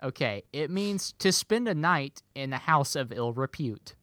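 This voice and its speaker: Male podcast co-host, playful quizmaster, mid-pitched, dry close sound. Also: animated, unhurried, fairly bright tone, no echo. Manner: playful, quizzing with a hammy pirate delivery. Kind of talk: casual movie podcast chat.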